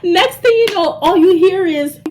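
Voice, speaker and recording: A young woman telling a story to her vlog audience in an animated way. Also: very high voice, measured pace, slight background noise, poor audio. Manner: animated, talks straight to the audience. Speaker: vlogger.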